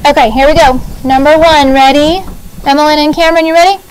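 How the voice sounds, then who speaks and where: A middle-aged woman teacher leading a class through spelling words, patient and slow as she spells them letter by letter. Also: sits high, fairly even intonation, slight background noise, rough recording. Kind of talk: classroom spelling lesson over video.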